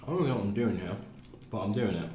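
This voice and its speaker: A man's voice: lowish voice, lively intonation, quick pace, warm tone, reverberant, a little hiss or hum. A man co-hosting a game live stream, chiming in with brief remarks and quips. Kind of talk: casual live-stream banter.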